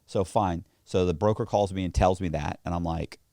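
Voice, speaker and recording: A man's voice: low-pitched, moderate pace, dry recording, clean studio sound. A man, a guest on a podcast, telling stories casually and with animation, often swearing. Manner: animated, profane, acts out the voices of others in his stories. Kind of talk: casual storytelling in a podcast interview. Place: podcast studio.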